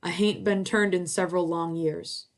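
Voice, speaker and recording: A woman's voice: fairly low pitch, fairly even intonation, normal speed, natural voice. A woman voicing an old talking mill that begs to be turned. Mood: pleading. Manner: pleading.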